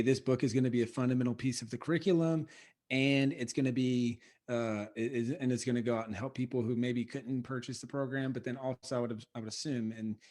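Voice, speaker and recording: A male podcast host who asks his guest long, rambling questions, circling back with fillers before he reaches the point. He speaks at an ordinary middle pitch. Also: darkish tone. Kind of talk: interview questions.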